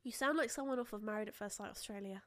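A young woman, co-hosting a casual couple's podcast, teasing her partner. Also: mid-range voice. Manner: teasing, quick to laugh. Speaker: podcast co-host.

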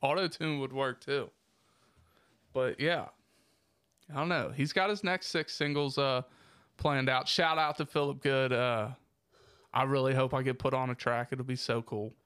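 A man's voice: mid-range voice, fairly even intonation, measured pace, long pauses, fairly bright tone, clean tone, no room sound, studio quality. A man co-hosting a podcast, chatting casually and joking around with lots of laughter. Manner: joking, laughs often, profane. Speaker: podcast co-host. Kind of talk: casual chat.

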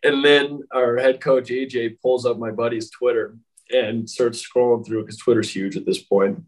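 A man's voice: mid-range voice, steady tone, normal speed, rough recording. A man telling a story in casual chat, rambling with many fillers and frequent laughs.

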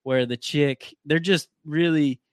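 A man's voice: on the high side, steady tone, slow pace, no echo, studio quality. A young man from Canada, a podcast guest, telling stories in a loose, rambling casual chat with plenty of swearing.

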